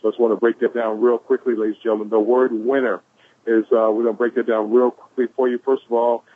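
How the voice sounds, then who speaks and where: An exuberant man with a drawl gives a high-energy motivational talk over a conference call, whooping and calling out to the crowd. His voice sits at a middle pitch and comes through a thin, phone-like line. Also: flat delivery, fast talker. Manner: exuberant, shouts "woo", repeats "ladies and gentlemen". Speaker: caller sharing quotes.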